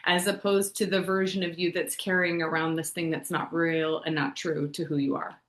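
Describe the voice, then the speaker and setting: A woman's voice: lowish voice, level tone, normal speed. A woman co-hosting a podcast over a video call, talking in a casual, reflective way and building on her partner's points. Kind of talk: casual conversational podcast chat. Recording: roomy, echoey video call audio.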